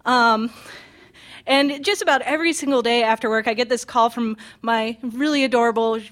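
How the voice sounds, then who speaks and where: High-voiced young woman telling a story. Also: moderate pace, fairly bright tone. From Pennsylvania, USA. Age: 20s. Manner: chatty, self-mocking, many ums and restarts. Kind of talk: live personal storytelling.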